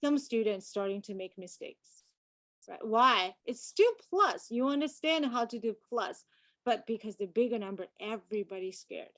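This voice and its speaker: A woman teaches math in an online lesson, explaining each step slowly and checking in with her students. She switches between English and Mandarin and scolds in a playful way. Her voice sits fairly high and sounds dry and close to the mic. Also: lively intonation, a bit bright, no room sound. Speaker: math tutor.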